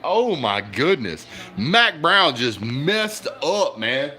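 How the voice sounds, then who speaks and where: Excitable man reacting live. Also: on the high side, slow pace. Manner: excitable, shouting at plays, chatty with viewers. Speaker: live stream host reacting to football.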